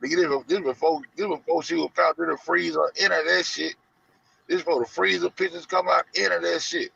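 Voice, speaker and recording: A man's voice: on the high side, level tone, fairly quick, gravelly, bright, forceful tone, husky. A man hosting a casual commentary show, rambling and profane, acting out the people he talks about. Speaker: show host. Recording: lo-fi dull audio.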